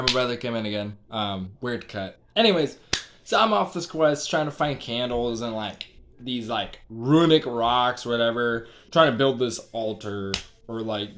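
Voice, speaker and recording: A man's voice: medium pitch, fairly bright tone. A young man casually retelling a strange dream, rambling with constant fillers and the odd swear word. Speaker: vlogger.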